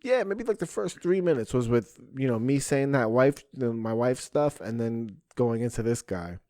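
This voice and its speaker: A man's voice: medium pitch, expressive, normal speed, warm tone, no echo, studio quality. A young adult man, a podcast host and stand-up comedian, telling a story in casual chat and acting out his own stage lines.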